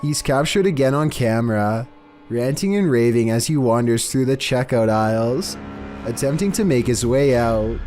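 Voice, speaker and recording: A man with a steady, mid-pitched voice reads a spooky countdown script in a flat monotone. His delivery stays even and unhurried throughout, with faint music playing underneath. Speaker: countdown video narrator. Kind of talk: scripted narration. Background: faint background music.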